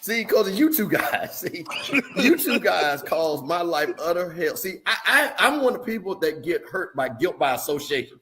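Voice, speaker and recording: A man hosting a casual sports talk show, teasing his co-hosts with laughter and lively storytelling. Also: sits high, normal speed. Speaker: show host. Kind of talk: casual chat.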